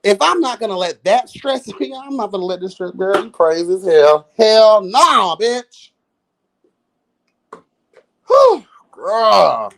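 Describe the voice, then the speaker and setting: A man in his late thirties hosts a live review of a reality show. He rants in a sassy, profane, exasperated way. His pitch swoops up and down all the time. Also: expressive, normal speed, hardly any pauses, a little hiss or hum. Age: 30s. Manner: addresses listeners as girl and y'all.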